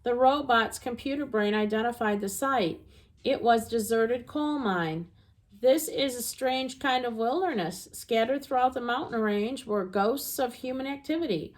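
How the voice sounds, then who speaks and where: A woman reads a children's storybook aloud in a gentle, expressive voice. Her pitch is fairly high, and she goes a little slowly.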